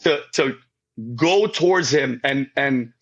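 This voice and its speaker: A man's voice: medium pitch, expressive, slow, highs cut off. A man on a podcast telling his faith story with feeling. He rambles and stammers through restarts and keeps calling the host by name. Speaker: podcast guest. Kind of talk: emotional faith testimony in casual talk.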